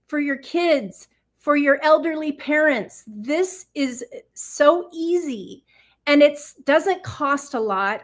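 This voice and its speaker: A woman guest giving an earnest, emotional, faith-filled testimonial, at times choked up. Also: sits high. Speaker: guest, product seller.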